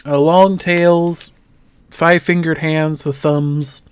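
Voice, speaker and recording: Relaxed, rambling tabletop game master. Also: medium pitch, slow pace, clean tone, no echo. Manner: relaxed, rambling, many fillers.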